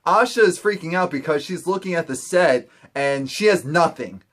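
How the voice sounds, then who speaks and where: Animated young man recapping a TV episode. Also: on the high side. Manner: animated, acts out characters in quick quoted asides. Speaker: TV recap host.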